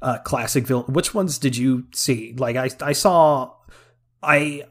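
A man's voice: medium pitch, a little slow. A man co-hosting a casual podcast, recapping a film scene by scene with lots of fillers and laughter. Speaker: podcast co-host. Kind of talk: casual movie review chat.

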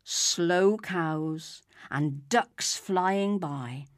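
Unhurried woman reading a story aloud. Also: fairly low pitch, dry recording, clean studio sound. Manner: expressive, unhurried.

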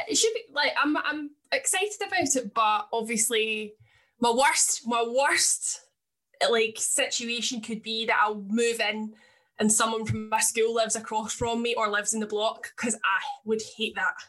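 High bright giggly woman. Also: normal speed. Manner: giggly, teasing. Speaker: podcast co-host. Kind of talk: casual chat.

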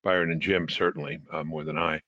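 Deep-voiced man, measured and hedging. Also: little pitch movement, bright, forceful tone, no echo. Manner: measured, hedging, many fillers. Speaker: panelist. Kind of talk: political panel discussion. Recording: dull, dry sound.

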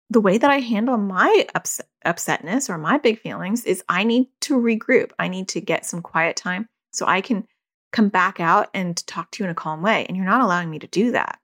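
A middle-aged woman, a parenting coach, giving casual advice in a chatty way full of "like" and "you know". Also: medium pitch.

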